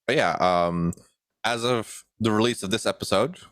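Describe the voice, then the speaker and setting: Young guy with a really deep voice cohosting a podcast, laid back and chuckly, dry sound. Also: normal speed, dry recording. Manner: relaxed, chuckling, full of fillers. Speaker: podcast co-host and editor. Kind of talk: casual podcast chat.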